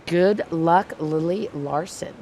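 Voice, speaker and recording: A woman with a lowish, slow, dark-toned voice hosts a livestock show livestream, wearing a clip-on mic at the arena, with a slight hiss or hum in the audio. She chats casually and jokes at her own expense in loose live commentary.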